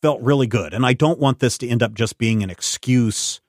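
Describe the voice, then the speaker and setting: A man co-hosts a casual comic review chat. He talks in a rambling, animated way and often circles back to correct himself. His voice sits close to the mic with no room sound. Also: mid-range voice, moderate pace, no echo. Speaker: podcast co-host.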